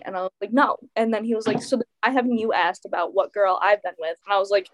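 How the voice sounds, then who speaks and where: A teenage girl, appearing as a guest, tells a dramatic personal story in casual chat, animated and packed with fillers and quoted dialogue. Her mid-range voice runs a little fast.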